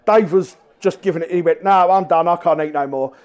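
This is a man with a high, light voice. He is a guest angler telling animated stories at a live talk, often laughing as he goes. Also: brisk, smooth. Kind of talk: live stage storytelling.

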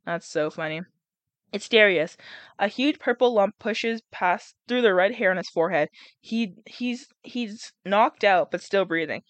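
A woman's voice: medium pitch, measured pace, dry recording. A young woman reading a novel aloud and breaking off to chat and react, with laughs and groans between passages. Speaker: reader and vlogger.

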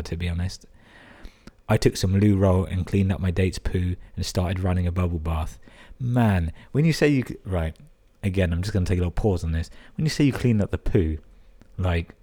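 Deep-voiced, sweary podcaster. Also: male voice, warm tone. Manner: crude, sweary, amused interjections. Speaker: podcast host. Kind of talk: reading listener emails with commentary.

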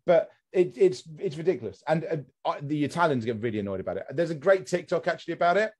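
A man's voice: a little high, lively intonation, fast. A man hosting a casual podcast chat, ranting with comic exasperation and swearing freely. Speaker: podcast host.

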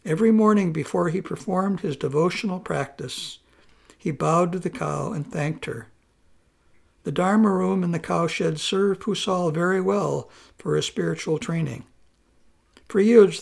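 Gravelly-voiced male storyteller. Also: fairly high pitch. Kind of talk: storytelling narration.

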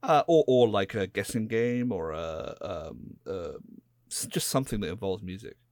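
A man's voice: on the low side, expressive, normal speed, a little mellow, dry recording, studio quality. A man with an English West Country accent, co-hosting a podcast in laid-back, rambling casual chat. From England. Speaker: podcast co-host.

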